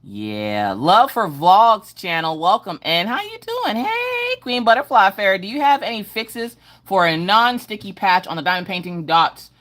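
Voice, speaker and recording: A woman's voice: fairly low pitch, expressive, moderate pace, hardly any pauses, fairly bright tone. A middle-aged woman hosting a casual livestream from home, greeting viewers by name in a sing-song way. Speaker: livestream host.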